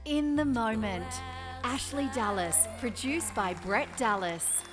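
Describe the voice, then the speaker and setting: A woman announcer with a slightly high voice, reading award nominees in a crisp, formal script. Loud music runs right under her voice-over the whole time. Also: lively intonation, takes it slowly. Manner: crisp, formal listing delivery.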